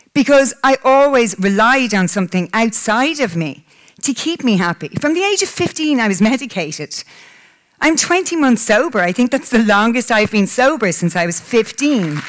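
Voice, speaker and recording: A woman's voice: on the high side, sing-song, moderate pace. A woman, giving a candid personal talk to a live audience, tearful at times. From Ireland. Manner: candid, emotional, breaks into laughter. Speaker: public speaker. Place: conference hall.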